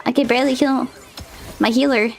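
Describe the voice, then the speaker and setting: A woman streamer chatting live while playing a game, excitable and often squealing with laughter. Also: high-pitched, a little fast, vocal fry. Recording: game music behind. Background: game music and sounds.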